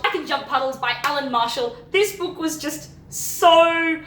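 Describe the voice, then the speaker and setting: Young woman, bubbly book vlogger: high voice, gushy rants, trips over her own sentences. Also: a little hiss or hum. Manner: animated, gushing and ranting, quick self-interruptions. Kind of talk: casual book review chat. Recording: echoey room.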